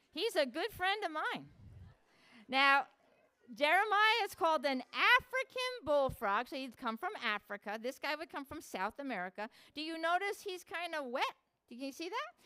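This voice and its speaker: A woman's voice: high-pitched, pushed and bright, smooth. A woman animal educator leading a playful live show for children, asking the kids lots of questions as she presents animals in a public hall.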